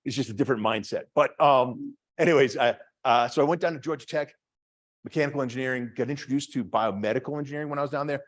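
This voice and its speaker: A middle-aged man with a Boston accent, a department head giving a chatty, self-deprecating talk to an audience, with many fillers and restarts. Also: medium pitch. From Massachusetts. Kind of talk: lecture to an audience.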